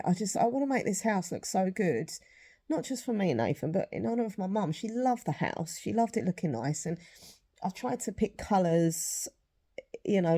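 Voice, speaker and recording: A woman's voice: deep voice, mellow. A woman vlogging in a rambling, apologetic casual chat, emotional and close to tears, with sighs.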